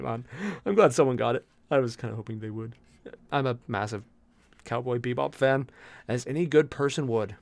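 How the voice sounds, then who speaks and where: A young man streaming while he paints miniatures, chatting with viewers in an animated, jokey way. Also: mid-range voice, a little fast, gravelly, no echo. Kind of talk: casual live-stream chat.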